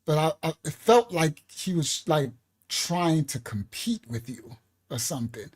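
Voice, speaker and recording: A man's voice: a little high, sing-song, unhurried, a little mellow, slightly rough. A man who leads a ministry, telling a story casually on a livestream, laughing often, using heavy slang and acting out other people's voices. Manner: acts out voices in stories. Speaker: ministry leader.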